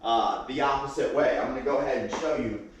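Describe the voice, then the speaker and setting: A man working as a dog trainer, explaining and demonstrating leash work and commands in a calm, instructive way, with many fillers and restarts. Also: mid-range voice, a little fast. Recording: very echoey room, mic far off.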